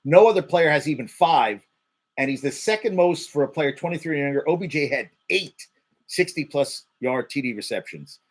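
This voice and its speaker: Animated, husky sports-talk man. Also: on the high side, moderate pace. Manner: excitable, swears, repeats words for emphasis. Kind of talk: casual sports commentary monologue.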